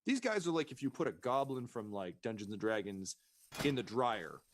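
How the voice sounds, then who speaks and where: A man's voice: medium pitch, lively intonation, moderate pace. Casual male game master, noisy stream. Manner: casual, many fillers, profane. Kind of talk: narrating a tabletop role-playing game.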